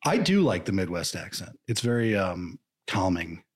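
Husky lowish guy cohosting a podcast, chatty and animated. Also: moderate pace. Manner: animated, slips into mock voices. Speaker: podcast co-host. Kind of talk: casual chat.

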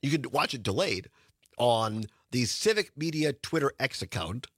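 A male radio talk show host with a lively, bouncing delivery, laughing easily between lines. His voice is bright and a little husky, recorded dry and close in a studio. He chats casually. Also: medium pitch, moderate pace, dry recording. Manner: laughs often, chatty and animated. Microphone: studio microphone.

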